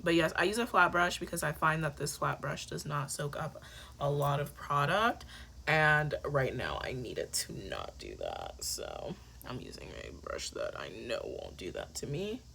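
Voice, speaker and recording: A young woman talks her viewers through a makeup routine in a relaxed, joking way, calling them y'all and slipping into soft whispers at times. Her voice sits low but swings widely in pitch. A faint hiss of room ambience sits behind her. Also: moderate pace, vocal fry. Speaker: beauty vlogger. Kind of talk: casual makeup tutorial chat.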